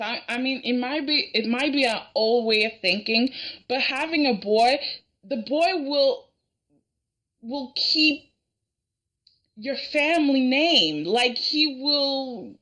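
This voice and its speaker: A woman talks through a family drama episode at a slow, easy pace. Her voice sits a little high and bright, and she slips into the characters' lines as she goes, laughing along the way. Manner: chatty, acts out characters' lines, laughs often. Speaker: reaction video host. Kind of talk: casual recap of a TV drama.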